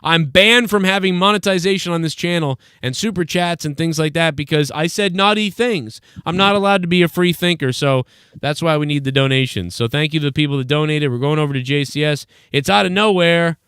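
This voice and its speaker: A man's voice: a little high, a little fast, a bit bright, clean tone, no echo, clean studio sound. A man hosting a casual live call-in show, loose and profane, laughing often. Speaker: host.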